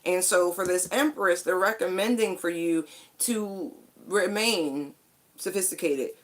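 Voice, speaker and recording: A woman's voice: on the low side, unhurried. A woman giving a casual spiritual tarot reading, chatty and emphatic, with casual swearing. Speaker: tarot card reader.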